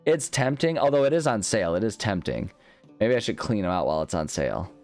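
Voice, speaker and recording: A man's voice: fairly low pitch, lively intonation, fast, a little mellow, soft background music. A man hosting a let's play, commenting in a jokey, rambling, self-mocking way. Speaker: gaming channel host.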